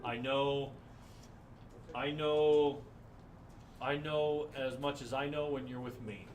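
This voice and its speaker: A man narrating as game master of a tabletop game, joking and halting as he goes. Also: mid-range voice, fairly even intonation, a little mellow. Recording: roomy, distant mic with clear noise.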